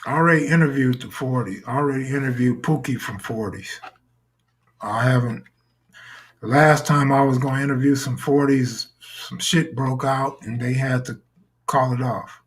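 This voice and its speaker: A man's voice: medium pitch, fairly even intonation, normal speed. A man hosting a live stream in casual talk, full of crude, boastful joking banter.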